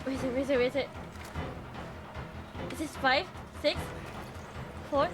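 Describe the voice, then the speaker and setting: A young woman streaming a game, talking excitably and panicky, laughing and swearing often. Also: high voice, unhurried. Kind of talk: live gameplay commentary. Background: game music.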